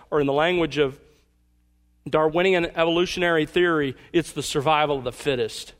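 A man preaching as pastor, earnest, asking his listeners pointed questions and slowing down for emphasis. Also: a little high. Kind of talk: sermon.

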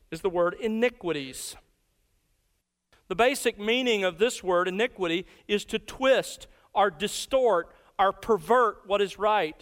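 A man delivers a sermon in a high-pitched, smooth and resonant voice. He speaks deliberately and slows down to weigh each key word. His voice carries a long reverb from a large hall. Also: a bit bright. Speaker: preacher. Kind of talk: expository sermon.

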